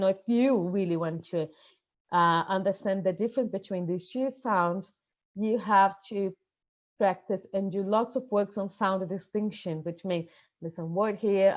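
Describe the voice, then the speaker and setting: A woman with a Brazilian Portuguese accent, a native Portuguese speaker, teaching English pronunciation to teachers and slowing down to model sounds. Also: medium pitch, darkish tone. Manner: explanatory, modelling sounds slowly for learners. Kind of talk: online lesson for teachers.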